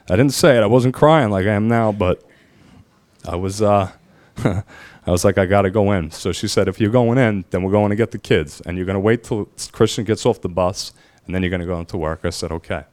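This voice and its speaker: A man telling his own story as a firefighter, halting and emotional, pausing often with fillers. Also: on the low side, a little mellow, no room sound. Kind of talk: personal storytelling.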